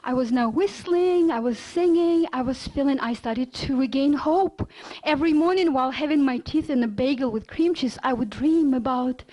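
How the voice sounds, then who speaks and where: Woman, high voice, middle-aged, lively lecture storytelling. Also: moderate pace, low-quality recording. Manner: lively storyteller with non-native grammar. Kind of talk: personal story told in a lecture.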